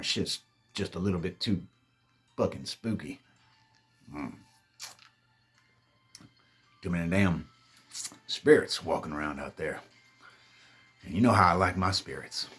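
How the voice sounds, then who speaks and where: A man's voice: deep voice, husky. A man casually telling a ghost story to his listeners, swearing freely and calling them babies. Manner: profane, animated storytelling, calls listeners babies.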